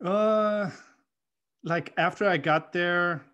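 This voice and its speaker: A man's voice: high-pitched, takes it slowly, fairly bright tone, muffled recording. Joking, foul-mouthed male host. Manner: joking, profane banter. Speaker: podcast host. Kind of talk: casual chat.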